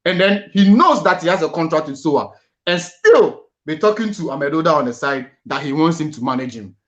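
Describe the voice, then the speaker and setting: A man's voice: on the high side, sing-song, moderate pace, a bit bright, lo-fi sound. A man hosting a boxing panel show, talking earnestly and often restarting his words.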